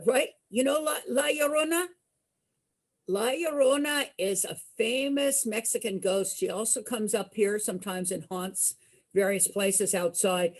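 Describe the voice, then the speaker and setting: A woman's voice: medium pitch, unhurried. A woman entertainer telling a spooky story to an audience dramatically, asking them questions as she goes.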